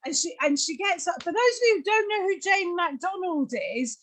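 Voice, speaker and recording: Lively, high-voiced British woman doing stand-up. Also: moderate pace. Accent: British English. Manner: chatty, teasing, lively storytelling. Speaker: comedy host. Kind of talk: stand-up comedy over a video call. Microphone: video call.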